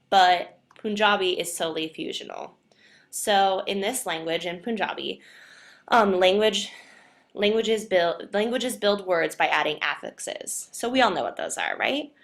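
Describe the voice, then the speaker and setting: A woman's voice: mid-range voice, fairly bright tone. A young woman presenting to a class, explaining points in an earnest way and leaning on the word "definitely". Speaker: student presenter.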